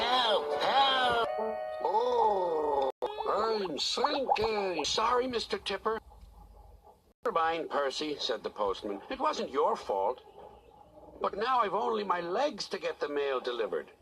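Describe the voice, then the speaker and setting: A man voicing a cast of fussy, cheeky toy train engines for a children's storybook series, jumping between squeaky and gruff voices. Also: very animated, measured pace, rough recording. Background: music.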